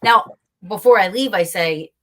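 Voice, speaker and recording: A woman's voice: mid-range voice, normal speed, pushed and bright. A woman hosting an interview, chatting casually with many fillers and restarts. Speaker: podcast host.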